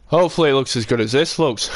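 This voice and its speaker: A young man streaming a building game, chatting in a relaxed way and answering viewers as he works. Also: mid-range voice, a little fast, no echo. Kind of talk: casual live-stream chat while building in a game.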